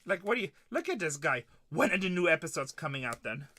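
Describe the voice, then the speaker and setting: A middle-aged man hosts a live card break, joking around and ribbing his viewers one by one. His voice sits a little high and comes across bright and punchy. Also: big pitch swings, fast. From Texas. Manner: joking, trash-talking, teasing viewers by name. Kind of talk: live stream casual chat while opening cards.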